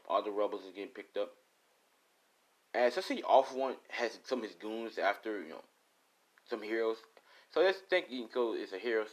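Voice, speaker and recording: Rambling low-voiced guy telling a story. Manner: rambling, filler-heavy, swears casually. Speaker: fan fiction storyteller. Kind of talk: casual improvised storytelling.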